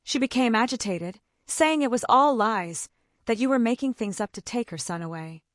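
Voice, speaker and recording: A woman's voice: on the high side, expressive, normal speed, no echo, lightly acted. A woman reading the lines of a male court officer who speaks dryly. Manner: dry. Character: dry, matter-of-fact male court officer.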